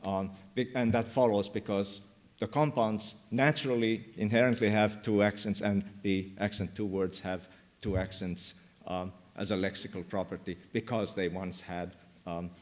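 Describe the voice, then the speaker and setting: A man's voice: low voice, steady tone, normal speed. A man giving an academic conference talk on linguistics, hesitant and full of fillers as he thinks aloud. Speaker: linguistics lecturer. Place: university lecture room.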